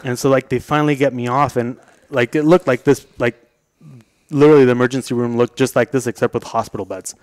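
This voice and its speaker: A young man recounts a story in relaxed, casual talk, cursing often and chuckling as he goes. His voice sits at a middle pitch. The sound is dry, with no room around it. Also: fast, no room sound. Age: young adult. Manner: laid-back, swearing, laughing through his story. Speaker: podcast guest.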